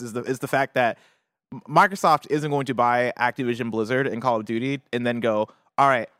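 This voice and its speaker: Male co-host, mid-pitched, talkative and searching, dry close mic. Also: fairly bright tone, clear, resonant tone, no room sound. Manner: rambling, restarts, many fillers and tag questions. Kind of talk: casual gaming news chat.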